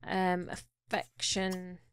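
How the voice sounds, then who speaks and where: A woman's voice: on the low side, completely flat delivery, very slow, clean tone, no echo. A woman giving casual commentary on a life-simulation game, chatting fondly to her characters as she plays. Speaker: gaming YouTuber. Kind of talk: casual Let's Play commentary.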